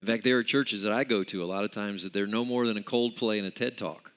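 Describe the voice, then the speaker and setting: A man's voice: on the low side, quick pace, fairly bright tone. A man preaching a sermon with emphatic, repetitive delivery, calling on the congregation to repeat words back. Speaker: pastor. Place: church sanctuary. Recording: long reverb of a large hall.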